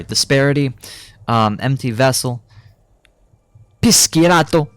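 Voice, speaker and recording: A man's voice: lowish voice, a bit bright, clear, resonant tone, no echo. A young adult man giving a casual, rambling gaming commentary, swearing freely and filling his talk with ums and uhs. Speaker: gaming YouTuber.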